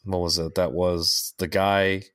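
A low-pitched man chatting on a podcast, his voice close and dry with no room sound. He rambles, swears easily and trips over his own restarts. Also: flat delivery, a little slow, a bit bright, no echo. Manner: rambling, profane, restarts a lot. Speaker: podcast co-host. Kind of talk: casual chat.

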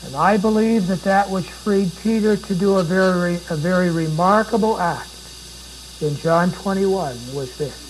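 A man's voice: high-pitched, measured pace, slight background noise, rough recording. A man preaching a sermon, dramatic and pleading, with repeated rhetorical questions.

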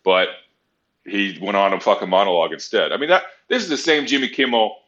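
A man's voice: fairly low pitch, a little fast, a bit bright. A man talking sports on a podcast in a blunt, profane, rambling way. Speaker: podcast co-host. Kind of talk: casual sports chat. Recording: dull lo-fi sound.

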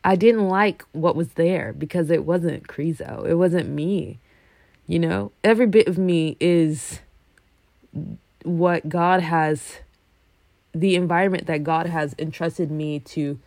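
A young woman from a Congolese family, talking casually and animatedly, swinging from loud bursts to low asides. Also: takes it slowly, vocal fry, no room sound. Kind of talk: casual monologue.

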